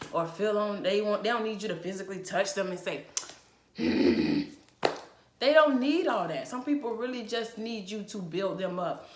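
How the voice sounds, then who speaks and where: Blunt, chatty woman vlogger in an echoey room. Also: fairly low pitch. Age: adult. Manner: blunt, frank and profane; chatty and emphatic. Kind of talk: casual advice vlog.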